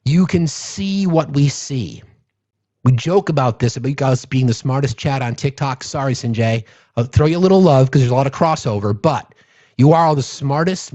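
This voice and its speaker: Husky man rallying his stream. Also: medium pitch, a little mellow, highs cut off. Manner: urgent, profane, rallying, repeats phrases for emphasis. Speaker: political livestream host. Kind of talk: impassioned live-stream monologue.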